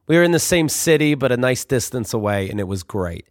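A young man telling comic stories about his youth in a wry, deadpan manner. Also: medium pitch, a little fast, no echo, studio quality. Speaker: storyteller. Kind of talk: comic storytelling.

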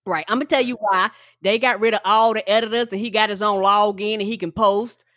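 A woman's voice: medium pitch, steady tone, a little fast, fairly bright tone, no room sound, clean studio sound. A woman co-hosting a casual chat show who explains her views emphatically. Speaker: podcast co-host.

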